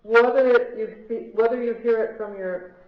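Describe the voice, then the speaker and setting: A woman's voice: a little high, normal speed. A woman giving a live spiritual talk to an audience, telling stories and asking the crowd questions. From United States. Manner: chatty, asks the audience questions. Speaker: spiritual speaker. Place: large hall with a live audience. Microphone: recorded from the audience on a handheld MP3 player. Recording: lo-fi echoey hall recording from the audience.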